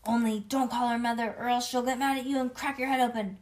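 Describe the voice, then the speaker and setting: A woman's voice: fairly high pitch, steady tone, fast, a little mellow, pitched above the performer's own voice, natural voice. A woman voicing a spunky, bossy little schoolgirl who talks in run-on, childish sentences. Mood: spooky. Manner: chatty, run-on, childish grammar.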